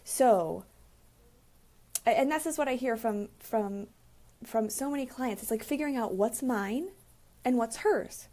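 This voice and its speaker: A woman therapist and relationship coach talking casually about boundaries, acting out quoted conversations with lively emphasis. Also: a little high, unhurried, pauses often. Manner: animated, acts out quoted dialogue. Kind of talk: casual advice monologue.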